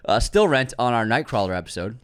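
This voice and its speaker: Laughing man reading comments, lively pitch. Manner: reads listener comments aloud with frequent laughter. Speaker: podcast co-host. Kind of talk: casual chat.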